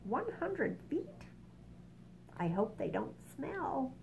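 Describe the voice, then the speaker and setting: A woman's voice: high voice, huge pitch swings, drawn-out words, darkish tone, pitched above the performer's own voice, full character voice, low-quality recording. A timid young boy from a children's story, put on by a woman reading aloud. He speaks warily, with doubt in his questions. A faint hiss runs underneath. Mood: doubtful.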